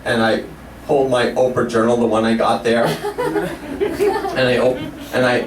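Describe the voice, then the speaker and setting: Animated man telling a story on stage. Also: medium pitch, far from the mic, noisy background. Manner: animated, self-mocking, quick. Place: small cafe stage. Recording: roomy live cafe, mic from afar.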